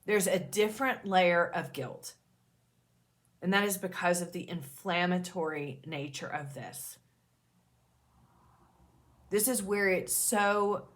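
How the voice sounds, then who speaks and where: An advocate for OCD peer support, a woman in her thirties, talks directly to her viewers on camera. She sounds earnest, reassuring, and emphatic, in a fairly bright voice on the lower side.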